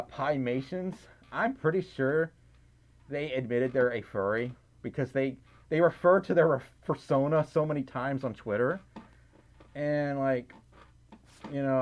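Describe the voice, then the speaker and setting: Giggly, animated streamer chatting with viewers. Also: male voice, medium pitch, muffled recording. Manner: chatty, giggly, rambling with many fillers. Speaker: streamer reading chat. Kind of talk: casual livestream chat. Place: indoors at home, in a fursuit.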